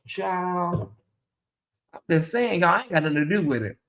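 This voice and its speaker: A man hosting a casual livestream, sassy and animated, often mimicking voices. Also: fairly high pitch, racing. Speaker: host.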